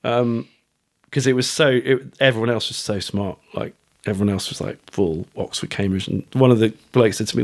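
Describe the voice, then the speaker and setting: Man, middle-aged, from the UK, podcast guest, chatty, frequent restarts, mid-pitched voice. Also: lively intonation, fast talker. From United Kingdom. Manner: chatty, swears, many restarts. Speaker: guest, author and fund manager. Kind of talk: casual podcast interview.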